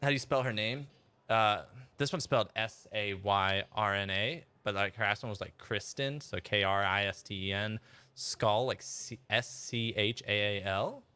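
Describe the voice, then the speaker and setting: A man's voice: on the low side, normal speed, sharp tone, smooth. A man chatting casually as he streams a game and reads out chat messages. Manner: chatty, rambling, laughs, reads chat aloud. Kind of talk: casual gameplay commentary.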